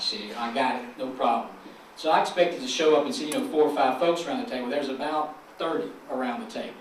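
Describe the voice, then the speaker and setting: A man's voice: medium pitch, quick pace, far from the mic, slight background noise. Southern man speaking in an echoey hall. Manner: folksy, joking with the audience, preacher-like call and response. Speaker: chamber of commerce president, keynote speaker. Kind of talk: folksy conference speech. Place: large conference hall.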